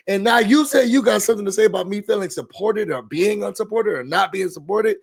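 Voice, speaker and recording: A man hosting a reality TV recap, ranting in an animated, sassy, blunt way. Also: sits high, a little fast, gravelly, few pauses, breathy edge.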